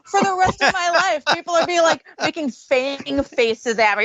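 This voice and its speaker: A woman tells her story on a talk show in a slightly high voice. She acts out the people she quotes. The sound is dry and a touch muffled. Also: expressive, normal speed, a bit bright, no echo. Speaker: guest paranormal investigator. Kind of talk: casual storytelling on a radio show.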